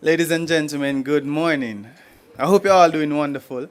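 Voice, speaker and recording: A man's voice: on the high side, normal speed. A Jamaican man performing spoken word poetry for an audience, playful and rhythmic with light laughter. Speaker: poet performer.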